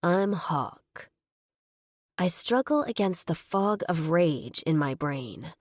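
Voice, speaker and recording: Woman reading a romance audiobook, first person, wry, lowish voice, dry close mic. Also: very animated, unhurried, a little mellow, no room sound. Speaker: audiobook narrator.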